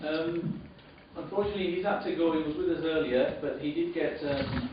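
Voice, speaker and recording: Speaking off the cuff as a director handing out awards, this man talks fairly quickly with fairly even intonation, repeating words and saying um a lot. A camera mic from a distance picks him up, giving distant, boomy, dull audio with room noise and a very echoey sound.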